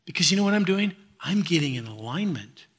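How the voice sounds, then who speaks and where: A man preaching a sermon in a lively, laughing way, jumping between loud bursts and quiet asides. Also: a little high, a little fast, breathy edge. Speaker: pastor.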